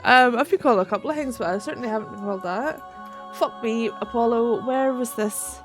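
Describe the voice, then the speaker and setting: A woman's voice: on the high side, brisk, music in the background. A woman with a Northern Irish accent chatting casually while streaming a game, swearing freely and laughing often. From Northern Ireland. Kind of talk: casual live-stream chat while gaming.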